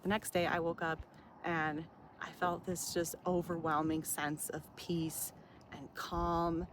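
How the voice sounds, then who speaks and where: Woman vlogging outside, slightly low voice, chatty, lots of "like", some cussing. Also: level tone, slow, background noise. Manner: chatty, filler-heavy, with frequent laughs and swearing. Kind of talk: casual personal storytelling. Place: outdoors.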